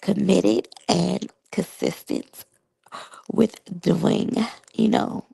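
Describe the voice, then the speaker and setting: Thirties woman, vlog reviewer, chatty, slow-paced and husky; addresses viewers directly. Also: medium pitch, steady tone, dark tone, dry recording, poor audio. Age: 30s. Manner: chatty, talks straight to the audience. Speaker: reality show reviewer. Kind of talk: casual commentary to viewers.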